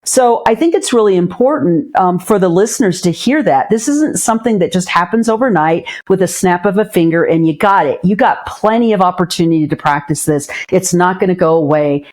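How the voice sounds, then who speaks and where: A middle-aged woman with a fairly low voice talks as a psychologist guest in a reflective interview. She is candid and earnest and often circles back to repeat herself. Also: a little fast, darkish tone. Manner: candid and earnest, with frequent restarts and repeated phrases.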